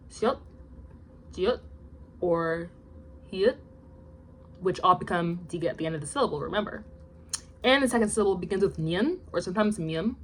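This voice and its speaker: A young woman reading out study notes in a casual vlog, chatty and self-deprecating, her asides trailing off into quiet mumbles. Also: mid-range voice, slight background noise. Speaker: language learner vlogger.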